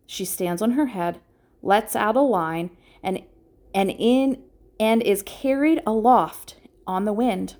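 A woman reading aloud and voicing an imaginative young farm girl who talks in an excited, insistent way. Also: medium pitch, takes it slowly, pitched above the performer's own voice.

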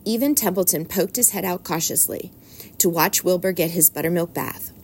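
A woman reading a children's storybook aloud at an unhurried, plain pace. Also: fairly low pitch, a little mellow, a little hiss or hum.

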